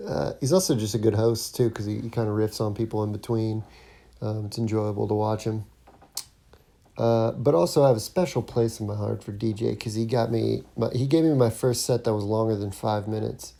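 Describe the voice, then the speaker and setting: A man's voice: on the low side, steady tone, brisk, creaky, mellow. A man hosting his own podcast as a stand-up comic, talking through a casual solo monologue with plenty of ums and restarts. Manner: rambling, lots of ums and restarts.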